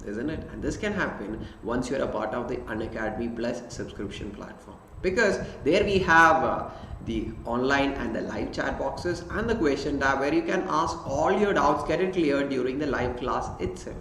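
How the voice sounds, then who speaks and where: A man's voice: medium pitch, lively intonation, normal speed, fairly bright tone, a little hiss or hum. A young male physics teacher with an Indian English accent, speaking energetically to students in a live online class and mixing in Hindi phrases. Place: indoor room, live stream. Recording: roomy echo, faint background ambience.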